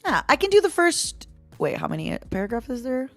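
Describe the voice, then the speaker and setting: A woman guest streamer chatting and reading fan fiction entries, effusive and quick to laugh, with many encouraging hums. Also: fairly high pitch, sing-song, gravelly, fairly bright tone, dry recording, soft background music. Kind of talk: casual stream chat.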